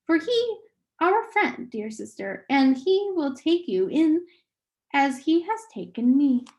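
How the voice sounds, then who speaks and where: A small boy under some other mind's control, bland and reasonable, coaxing slowly in a higher voice, as a woman reads him aloud. He never loses his calm. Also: full character voice.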